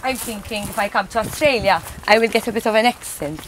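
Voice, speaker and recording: A woman playing a giddy, over-excited visitor meeting family she never knew. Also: medium pitch, quick pace, slight background noise, natural voice. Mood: gushing.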